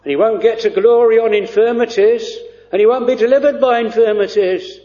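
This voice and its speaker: A man preaching a sermon in an earnest, hesitant way with frequent pauses. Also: extremely high pitch, warm tone. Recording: dull lo-fi recording.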